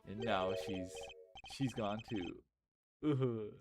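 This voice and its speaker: A man voicing a genial, sentimental older man in a fan dub of a game, grandfatherly and teary, speaking in a rather low voice over game music. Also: drawn-out words. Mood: sentimental, avuncular. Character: genial elderly man, sentimental, theatrical, fatherly. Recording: game music playing behind.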